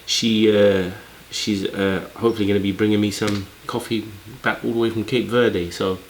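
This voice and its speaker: Relaxed London man, low voice. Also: moderate pace, a little hiss or hum, low-quality recording. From London, England. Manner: relaxed, chatty, colloquial. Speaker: reaction video host. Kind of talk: casual reaction commentary.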